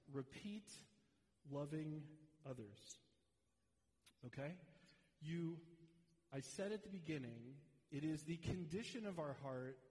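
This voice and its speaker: A man's voice: medium pitch, darkish tone. A male pastor preaching a sermon, earnest and direct as he speaks to the congregation. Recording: long reverb of a large hall.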